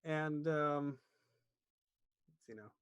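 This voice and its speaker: A man narrating a tabletop game as game master, pausing often to search for words. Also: on the high side, a bit bright, smooth, no echo.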